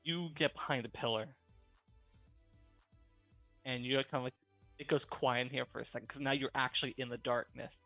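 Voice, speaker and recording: A man narrating as game master, chatty and relaxed, with a lot of filler words. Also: mid-range voice, normal speed, long pauses, dry recording, faint music behind.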